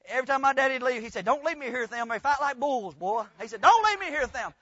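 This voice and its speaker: A man preaching a folksy, rambling storytelling sermon that builds into loud, fervent preaching. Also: extremely high pitch, lively intonation, quick pace, dry recording. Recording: dull, lo-fi dry sound.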